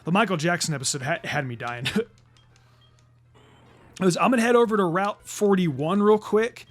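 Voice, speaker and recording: A man's voice: high voice, normal speed, faint music behind. A man doing let's play commentary as a channel host, stammering and repeating words, and swearing when annoyed.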